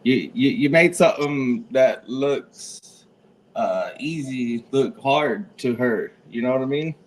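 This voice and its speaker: A man's voice: mid-range voice, expressive, slow pace, slight background noise. A man in casual chat, rambling and searching for the right words.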